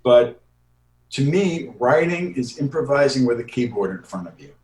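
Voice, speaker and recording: A man's voice: medium pitch, very animated, a little mellow. Older male comedy writer, talks shop and acts out bits; roomy sound. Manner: acts out quick character voices in examples. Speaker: comedy writer and improv teacher. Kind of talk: interview answers.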